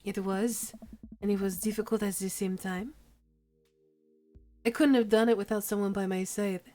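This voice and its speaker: A woman voicing a gentle, grieving male coffee-shop dad and former musician in a dating game, speaking softly and wistfully. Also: medium pitch, lively intonation, normal speed, soft background music, lightly acted.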